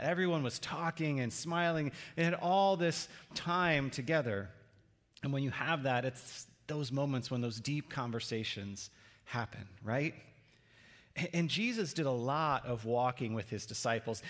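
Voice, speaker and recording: A man's voice: medium pitch, fairly bright tone, in a large hall. A male pastor giving a sermon in a conversational way, often putting questions to the listeners.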